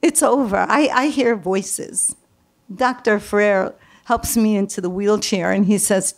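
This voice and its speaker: A woman from Brooklyn with a New York accent, telling a personal story on stage with dramatic pauses and repetitions. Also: mid-range voice.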